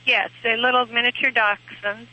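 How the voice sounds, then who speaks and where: A woman calls in to a radio show and speaks quietly, in a subdued way. Her voice is flat and sharply bright. It comes through a dull lo-fi phone line. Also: fairly high pitch, normal speed. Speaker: caller.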